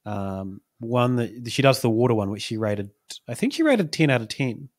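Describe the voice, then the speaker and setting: A man's voice: medium pitch, big pitch swings, moderate pace. A man, a podcast host rambling through stories with small chuckles. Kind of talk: casual chat.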